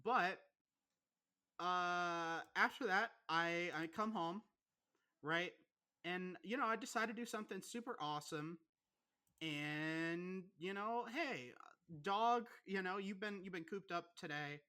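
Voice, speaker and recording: A young man holds forth on a casual podcast, cursing in nearly every sentence as he builds a rant. His voice is bright and forward, and his delivery stays animated and aggrieved. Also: high-pitched, slow, clear, resonant tone. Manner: swears constantly, ranting, animated. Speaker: podcast co-host.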